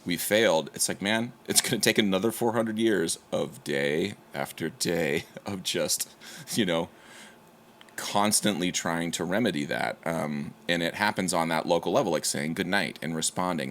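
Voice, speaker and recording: A man's voice: sits low, moderate pace, fairly bright tone. A man co-hosting a podcast, arguing a point earnestly and emphatically in casual conversation.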